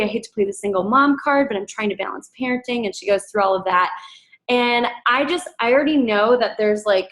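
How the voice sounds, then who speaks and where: A woman coaching her team in a casual presentation, chatty and upbeat with many fillers, jumping into a high excited voice when she quotes people. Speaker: team coach sharing recruiting tips.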